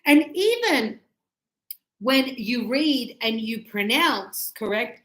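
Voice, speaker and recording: A woman teacher explaining grammar to students in a classroom, animated and emphatic, acting out little dialogues. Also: on the high side, slow. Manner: emphatic, teasing. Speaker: English teacher. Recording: echoey room.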